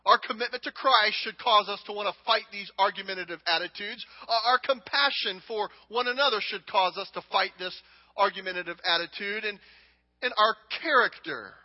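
Speaking at a normal speed with a high-pitched voice, a man in his thirties gives an earnest sermon as pastor, using repetition for emphasis. The church sanctuary recording sounds dull and echoey.

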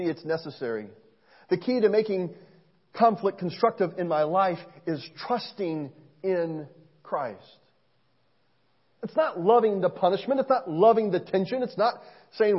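A man preaching a sermon in an earnest, storytelling way, swinging between soft asides and loud emphasis. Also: high-pitched, slightly rough, dull audio. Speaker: pastor.

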